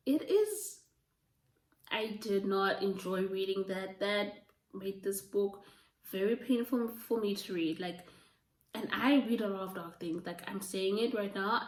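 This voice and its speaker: A woman chatting casually about books she has read, gushing and full of fillers, her voice going a little hoarse. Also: mid-range voice. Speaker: book reviewer. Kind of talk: casual book review chat. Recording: roomy, from a distance.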